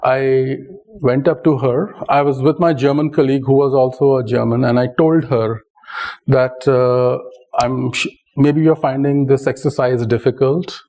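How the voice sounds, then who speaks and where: A man with an Indian English accent speaks to an audience in a mellow, relaxed tone. He lectures in a conversational way, tells stories to make his points and keeps asking "right?" along the way. His pitch sits in the middle range. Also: measured pace, low-quality recording. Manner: conversational, often adds "right?". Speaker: speaker giving a talk. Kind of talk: public lecture with anecdotes.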